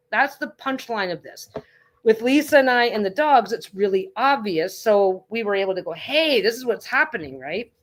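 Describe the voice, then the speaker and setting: A woman hosting a livestreamed tarot reading, chatting casually in a reassuring, rambling way with frequent restarts. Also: mid-range voice. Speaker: tarot reader and livestream host.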